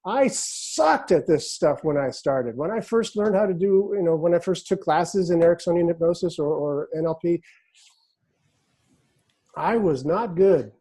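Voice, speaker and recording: Mellow, husky-voiced man telling stories. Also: fairly high pitch. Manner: relaxed and storytelling, drops into slow hypnotic phrasing. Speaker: hypnotist explaining his method. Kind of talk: casual interview talk. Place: office in a big city.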